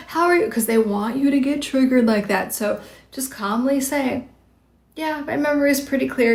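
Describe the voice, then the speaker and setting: A woman's voice: medium pitch, vocal fry, a little mellow. A woman psychology coach giving direct, conversational advice on a livestream, with many casual fillers. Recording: roomy echo.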